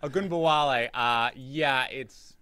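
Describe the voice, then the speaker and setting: A man trades fantasy football picks in a relaxed podcast chat. He talks at a middle pitch, recorded dry and close, and he is chatty, with self-deprecating asides. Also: a little slow, smooth, no echo.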